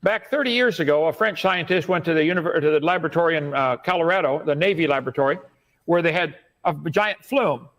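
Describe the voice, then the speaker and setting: A man making his case in a debate, steady and assertive as he lectures. His voice sits high for a man. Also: fast, dull audio. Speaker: debate guest. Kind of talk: debate argument.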